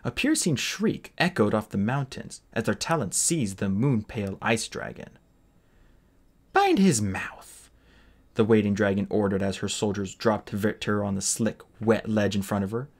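A man reading a fantasy novel aloud as an expressive audiobook narrator. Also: lowish voice, normal speed, hardly any pauses. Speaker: audiobook reader. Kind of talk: storybook narration.

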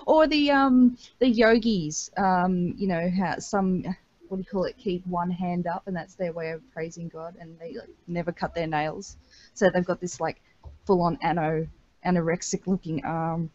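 A woman's voice: on the low side, fairly even intonation, normal speed, darkish tone. A woman in a casual group podcast chat, giggly and fumbling for words. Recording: dull lo-fi audio.

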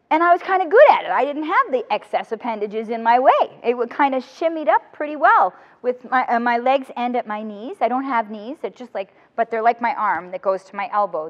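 A woman speaker telling an animated, humorous story to a room of student teachers. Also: a little high. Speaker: motivational speaker. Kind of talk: lively talk to student teachers. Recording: long hall reverb, dull lo-fi sound.

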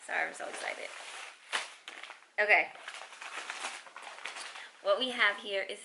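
A chatty young woman talks straight to her viewers as she opens packages and gushes over each one. Her voice sits at an ordinary middle pitch. Steady background noise runs under the whole recording. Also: takes it slowly, gravelly, long pauses. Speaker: vlogger. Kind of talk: casual unboxing vlog.

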